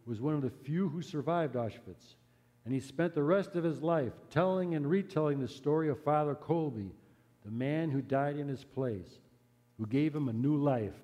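A man preaching a sermon who tells a story in an earnest, measured way and drops to a hush at solemn moments. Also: a little high, in a large hall.

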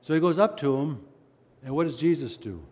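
Animated preacher in a reverberant hall. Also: male voice, a little high, fairly quick. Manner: animated, acts out the crowd's and beggar's cries; conversational asides. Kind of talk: sermon with scripture reading.

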